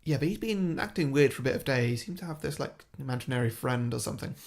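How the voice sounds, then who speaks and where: A man talks at an easy, middling pitch, pitching an invented film plot to a friend. He laughs a lot and keeps slipping into quick voices for the characters. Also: expressive, creaky. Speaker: podcast co-host. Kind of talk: casual chat, pitching a made-up film plot.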